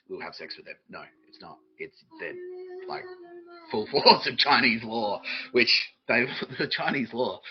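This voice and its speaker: A man's voice: lowish voice, muffled recording. A man, hosting a podcast stream and rambling through a comic monologue, swearing often and laughing at his own jokes. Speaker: podcast host streaming live. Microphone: desk microphone.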